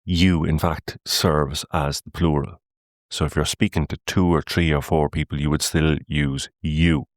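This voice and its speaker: A man's voice: a bass voice, little pitch movement, a little slow, dry recording, clean studio sound. A man with a Cork Irish accent, hosting a podcast as an earnest, explanatory monologue. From Ireland. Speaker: podcast host.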